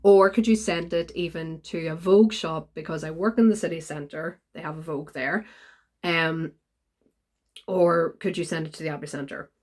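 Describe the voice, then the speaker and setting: A woman, chatting casually in a vlog and retelling a story with lively quoted voices. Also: sits low, moderate pace. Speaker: vlogger.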